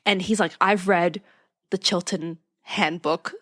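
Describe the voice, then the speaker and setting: A woman's voice: on the low side, steady tone, slow pace, fairly bright tone. A young woman co-hosting a casual podcast, animatedly retelling a TV episode, dropping her voice to quote characters and laughing often. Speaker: podcast co-host. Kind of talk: casual chat recapping a TV episode.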